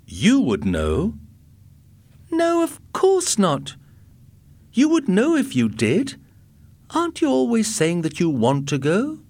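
A man reading aloud and voicing a wife who accuses her husband and then speaks in a quiet, controlled way. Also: mid-range voice, big pitch swings, takes it slowly, dry recording, voice pushed up. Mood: accusing. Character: anxious woman, a wife confronting husband.

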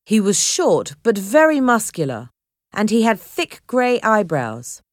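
A woman narrating a storybook in a slow, clear reading style. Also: mid-range voice, wildly swooping pitch, no room sound, studio quality.

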